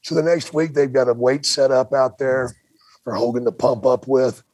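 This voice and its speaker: A man's voice: medium pitch, steady tone, normal speed, darkish tone, dry recording. An older man, a podcast host, telling a colorful, profane story and acting out the quotes of other people. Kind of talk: casual storytelling chat.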